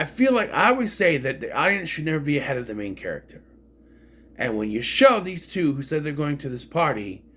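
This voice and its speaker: A man's voice: medium pitch, fairly bright tone. A man casually reviewing a film, rambling and frank, swearing freely as he complains. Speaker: movie reviewer.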